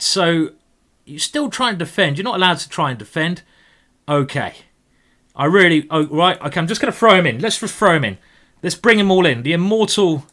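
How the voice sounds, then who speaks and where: A man talks his way through fast chess games on a live stream. His voice sits fairly high, and he stays excitable and playful, teasing his opponent and calling out moves as he goes. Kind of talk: live commentary while playing blitz chess.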